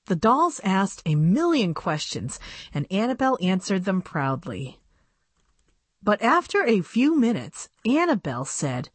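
Woman reader for a radio reading service; expressive storybook delivery with a lively, varied tone. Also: mid-range voice, unhurried, breathy edge, dry recording. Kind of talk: reading a children's book aloud.

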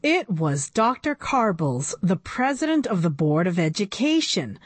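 Give me a woman narrating a children's book, slow and animated. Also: lowish voice, husky, no echo. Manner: animated, expressive reading. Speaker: storyteller. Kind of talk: reading a children's book aloud.

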